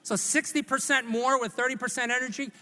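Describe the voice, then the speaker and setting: A man from Hawaii giving a humorous commencement speech in a large church hall, telling a story in an animated, self-mocking way and voicing his own thoughts. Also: very high-pitched, fairly quick. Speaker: commencement speaker. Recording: echoey recording in a large hall.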